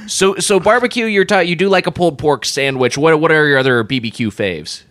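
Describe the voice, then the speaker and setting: A man's voice: on the high side, fairly quick, dry recording. A man co-hosting a podcast in casual, joking chat. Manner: joking, animated. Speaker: podcast co-host.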